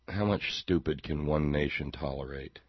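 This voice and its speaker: A man's voice: rumbling low, moderate pace, dry recording, muffled recording. A man hosting a talk show, giving a sarcastic, rambling political monologue and repeating words as he goes.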